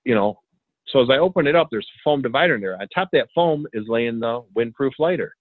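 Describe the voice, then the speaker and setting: A man telling a story in a casual, animated way, acting out the dialogue and chuckling as he goes. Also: mid-range voice, quick pace, dry recording. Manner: animated, acts out quoted dialogue, chuckles often. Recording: tinny phone line, dry.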